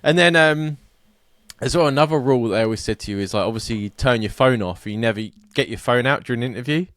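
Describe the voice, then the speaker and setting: A man's voice: mid-range voice, quick pace, a bit bright, no echo. A man co-hosting a podcast, chatting through anecdotes with many fillers and restarts. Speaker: podcast co-host. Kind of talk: casual chat.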